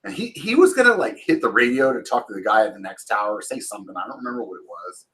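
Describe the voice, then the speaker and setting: Casting: man in his forties, lowish voice, casual rambling storyteller, curses a lot, raises his voice for quotes. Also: very animated, quick pace, fairly bright tone, poor audio. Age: 40s. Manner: swears freely, rambling with fillers and restarts. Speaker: channel host.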